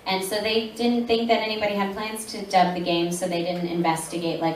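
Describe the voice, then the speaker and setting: This voice actress, in her thirties, has a lowish voice and talks a little fast, with slight background noise. Fielding fan questions at a con panel, she animatedly tells stories, performs the lines she quotes, and laughs a lot. Captured by an audience camera far from her, the big panel room gives a roomy echo.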